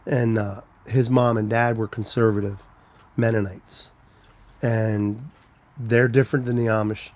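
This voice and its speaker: A man's voice: fairly low pitch, fairly even intonation, unhurried, a little mellow. Man, live-stream host, casual rambling chat, answers comments, storyteller. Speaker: trucker livestreaming, reading chat.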